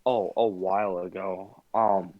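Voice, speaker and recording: A man's voice: low-pitched, steady tone, slow pace. Blunt swearing man on a dull mic. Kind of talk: casual group chat.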